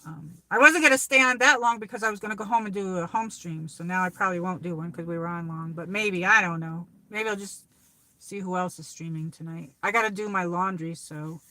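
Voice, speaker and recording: A woman's voice: lowish voice, a little fast, sharp tone, dry recording. A woman from New York with a New York accent hosting a casual livestream chat, rambling and reading viewer comments aloud. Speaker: livestream host. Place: car on a drive.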